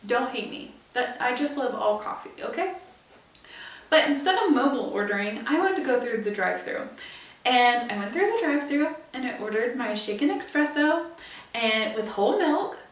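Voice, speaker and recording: A young woman podcast host telling a story in a chatty, animated way, with emphatic asides. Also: a little high. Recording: echoey room, distant from mic.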